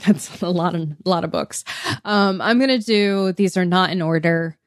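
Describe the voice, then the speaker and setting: A woman's voice: lowish voice, normal speed, dry recording, studio quality. A woman co-hosting a podcast, chatting casually and laughing often as she reads out listener comments. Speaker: podcast co-host. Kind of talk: casual chat.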